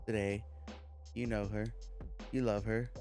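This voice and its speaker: A man's voice: on the low side, flat delivery, a little slow, a little mellow, soft background music. A man hosting a podcast in casual chat, playful and blunt with showy introductions. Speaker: podcast host.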